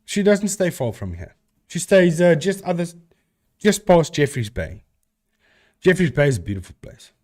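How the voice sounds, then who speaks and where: A man's voice: on the high side, sing-song, moderate pace, long pauses, darkish tone. A man from South Africa with a South African accent, a live stream host chatting casually and answering viewers with rambling restarts.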